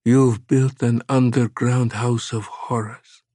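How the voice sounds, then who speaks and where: A man voicing a cold, hateful monster in an audiobook, hollow and slow. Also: medium pitch, little pitch movement, mellow, no room sound, clean studio sound, pitched above the performer's own voice. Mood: menacing. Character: hateful clay-masked male monster, cold, Slavic-tinged.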